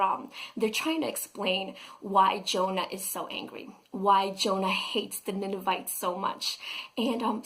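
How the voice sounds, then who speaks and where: A woman's voice: medium pitch, fairly bright tone, rough recording. Earnest woman sharing a faith lesson. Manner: earnest, enthusiastic, acts out quotes. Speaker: vlogger and teacher. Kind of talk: casual devotional vlog talk.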